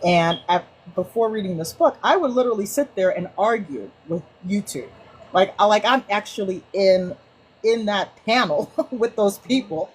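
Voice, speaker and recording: A woman on an online group call, sharing casually with lively, acted-out anecdotes and frequent restarts. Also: medium pitch, moderate pace, slightly rough, poor audio. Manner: animated storyteller, many restarts and acted-out quotes. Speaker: book club participant.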